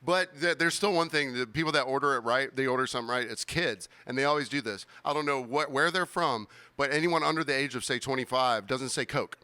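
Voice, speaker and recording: Bright-voiced joking male podcast host. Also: medium pitch, fairly quick, few pauses, clear, resonant tone, no echo. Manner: joking, teasing banter. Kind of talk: casual bar podcast chat. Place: small home bar.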